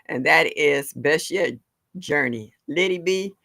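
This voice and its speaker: A woman hosts a livestream, chatting easily with her live audience and frequently breaking into laughter. Her voice is low-pitched and a little bright, and she takes her time speaking.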